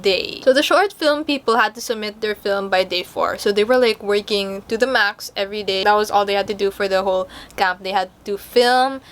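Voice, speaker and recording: A woman's voice: fairly quick, few pauses, a bit bright. A young woman from the Philippines tells a story in a casual, chatty way, full of fillers like "like.". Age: young adult. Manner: chatty, filler-heavy, acts out quotes in a higher voice. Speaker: storytime vlogger.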